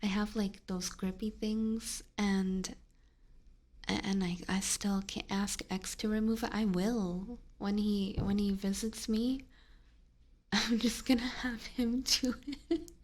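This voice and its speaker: A young woman streaming ASMR on a binaural microphone, chatting in a soft whisper, rambling and giggling often. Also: mid-range voice, steady tone, slow. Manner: giggly, rambling with many fillers. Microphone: binaural ear microphone.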